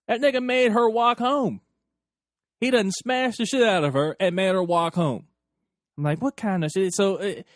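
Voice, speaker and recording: A young man with a fairly high voice hosts a podcast, spinning a raunchy story in loose, profane bursts. He slips into the voices of the people he quotes. The sound is close and dry, with no room around it. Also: dry recording. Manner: animated, profane, acts out quoted lines. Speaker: podcast host. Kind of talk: crude storytelling monologue.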